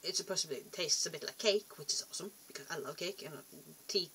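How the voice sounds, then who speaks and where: Rambling woman vlogger, lowish voice. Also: fast, a bit bright, slight background noise. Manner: chatty, rambling, self-deprecating, trails off and restarts. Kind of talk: rambling casual vlog.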